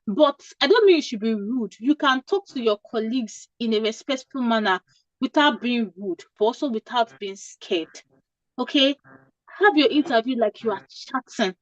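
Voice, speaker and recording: A woman's voice: fairly high pitch, expressive, normal speed, no echo, muffled recording. A woman from Nigeria giving informal interview advice to nurses, emphatic and repeating her points with frequent "okay?" checks. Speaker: career coach for nurses.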